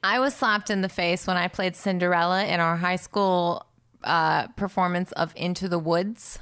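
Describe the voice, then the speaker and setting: A woman in casual chat, tossing in quick, playful, joking replies with some swearing. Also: on the low side, fairly even intonation, a bit bright, clean tone.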